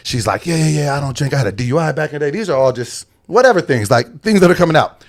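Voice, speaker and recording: A man's voice: on the high side, lively intonation, racing. A young adult man telling a story in casual podcast chat, acting out quotes and laughing often. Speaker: podcast co-host.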